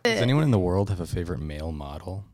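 A young man with a very deep, low voice, chatting laid-back on a podcast. The sound is close and dry, with no room echo. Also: sing-song, quick pace, darkish tone. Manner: laid-back, slangy banter. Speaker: podcast co-host. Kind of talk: casual chat.

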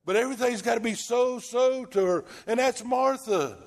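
A man preaching a folksy sermon, swinging from loud bursts down to hushed lines. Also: very high-pitched, normal speed, vocal fry, few pauses. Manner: animated, swings from shouting to near-whisper, folksy.

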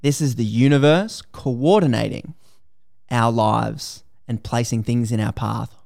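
Gravelly Australian man telling a story. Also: medium pitch, measured pace. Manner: lively retelling of a story, slangy. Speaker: podcast host. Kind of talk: casual storytelling conversation.

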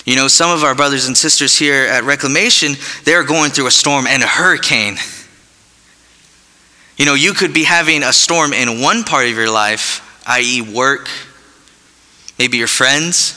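A man's voice: mid-range voice, unhurried, pushed and bright. A man preaching a sermon to his church, conversational and folksy with casual asides. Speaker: pastor. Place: church sanctuary. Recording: long hall reverb.

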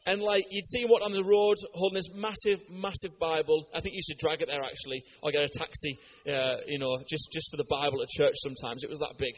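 An English man preaching a sermon in a conversational way, telling anecdotes with lively, animated delivery and frequent fillers. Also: fairly high pitch, fast, hardly any pauses. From Britain.

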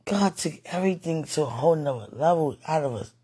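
A man recording an emotional late-night vlog, overwhelmed and near tears, pleading and sighing in breathy whispers. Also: a little high, animated, brisk, mellow. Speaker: vlogger.

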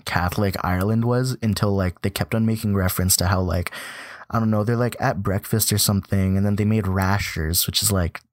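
A young man with a low voice talks loosely and at length, leaning hard on filler words as he works through his thoughts. The sound is dry and close, with no room around it. Now and then he jumps into a squeaky, mock-excited voice for a joke. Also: fairly quick, no room sound. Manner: rambling, many "like" fillers, mock-excited high voice when joking. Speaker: podcast co-host. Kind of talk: casual chat.

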